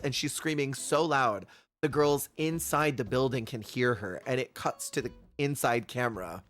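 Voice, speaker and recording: A male streamer talking casually at his desk mic, with a mid-range voice that sits right in the middle for a man. He tells stories with lots of energy and slips into the voices of the people he quotes. Soft game music plays faintly behind him. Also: medium pitch, moderate pace. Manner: animated storyteller who acts out quotes. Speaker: Twitch streamer. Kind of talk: casual stream chat while gaming.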